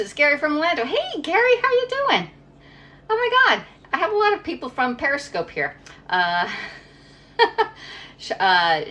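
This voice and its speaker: A middle-aged Pennsylvania woman hosts a cooking livestream from her home kitchen, chatting casually, rambling, and reading viewer comments aloud. Her voice is fairly low-pitched and a bit bright.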